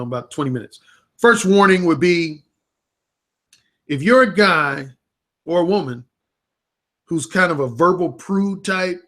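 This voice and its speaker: A man with a somewhat raised pitch talks straight into a webcam on a livestream. His manner is casual and unfiltered. He drops profanity freely as he speaks. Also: a bit bright. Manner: frank, unfiltered, profane talk. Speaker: dating coach and author.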